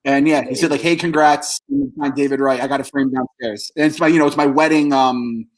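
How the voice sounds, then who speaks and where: A man's voice: mid-range voice, fairly even intonation, fast talker, poor audio. A man co-hosting a sports podcast, telling stories in a laid-back, casual way with some swearing. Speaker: podcast co-host. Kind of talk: casual chat.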